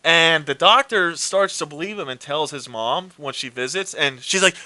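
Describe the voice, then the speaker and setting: A man with a fairly high, bright voice retells horror movie plots in a casual chat. He acts out the characters' lines and swears freely. The sound is dry and close. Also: normal speed, few pauses, no echo. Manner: animated storytelling with swearing and acted quotes. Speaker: co-host.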